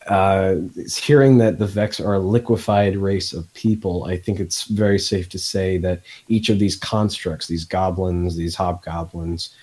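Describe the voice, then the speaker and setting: Man, Midwestern accent, very deep voice, podcast host, casual chat, hesitant with fillers. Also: steady tone, measured pace, hardly any pauses, darkish tone. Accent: Midwestern American.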